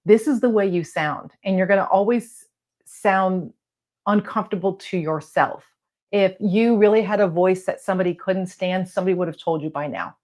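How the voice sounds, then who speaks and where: A woman talking casually to camera from her office as a coach, blunt and encouraging, with some letters not said crisply. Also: medium pitch, normal speed, darkish tone. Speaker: real estate video coach. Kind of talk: casual advice talk to camera. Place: home office lit by lamps.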